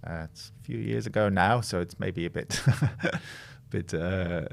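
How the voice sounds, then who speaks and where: Low gravelly man from the Netherlands. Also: measured pace. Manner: thoughtful, with frequent hesitations and restarts. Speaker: guest, creative director of a design studio. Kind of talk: conversational podcast interview.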